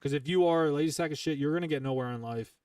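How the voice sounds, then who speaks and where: A man's voice: a little high, very fast, a little mellow, smooth, no echo. A young man, a former Marine sergeant hosting a podcast, telling stories casually with lots of swearing and emphasis. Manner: profane, emphatic, full of fillers. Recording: dry, from some distance to the mic.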